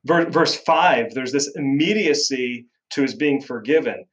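A man's voice: medium pitch, a little slow, poor audio. A man hosting a conversation, affirming and earnest, with emphatic repetition. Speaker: host. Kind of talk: conversational interview.

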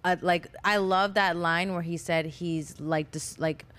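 A woman's voice: on the low side, steady tone, unhurried, fairly bright tone. A woman co-hosting a podcast, chatting casually and upbeat with many fillers. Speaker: podcast co-host. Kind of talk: casual chat.

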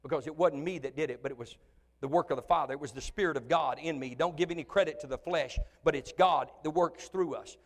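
A male pastor delivers a sermon, his voice pitched high for a man. He swings from loud, animated preaching down to quiet, chatty asides. The sound carries a long reverb, as from a church hall. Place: church sanctuary.

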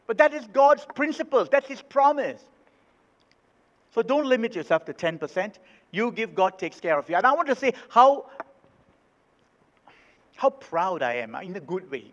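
A male pastor delivers a sermon with emphatic, repeated key lines. His voice sits high for a man. It carries long reverb from a big hall and sounds slightly dull. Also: fairly bright tone.

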